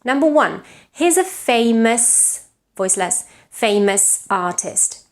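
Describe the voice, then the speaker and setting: Catalan-accented woman, native Catalan speaker, mid-pitched pronunciation teacher, deliberate modeling, frequent learner check-ins. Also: animated. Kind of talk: online pronunciation lesson.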